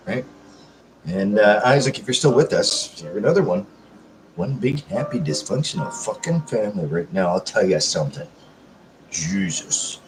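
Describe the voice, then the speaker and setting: A man hosting a casual live chat, rambling, swearing freely and answering viewer comments. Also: medium pitch. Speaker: livestream host. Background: background music.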